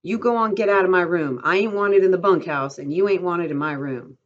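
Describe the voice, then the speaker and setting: A man's voice: sits high, brisk, fairly bright tone. A woman reading a novel aloud to a class, voicing a proud, aloof crippled stable hand who speaks sharply and territorially, on a dull lo-fi recording. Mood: sharp, hostile.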